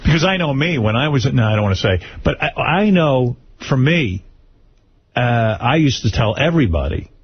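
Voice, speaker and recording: A man's voice: mid-range voice, sing-song, normal speed, a little hiss or hum. A man hosting a radio talk show, teasing his guest bluntly and crudely. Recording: dull radio broadcast audio.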